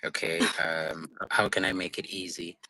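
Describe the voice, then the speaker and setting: A man with a fairly low voice runs a relaxed online language lesson. He breaks words down slowly, repeats them patiently and laughs easily as he coaches. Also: low-quality recording. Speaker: isiZulu language tutor. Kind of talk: casual live-stream language lesson. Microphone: phone.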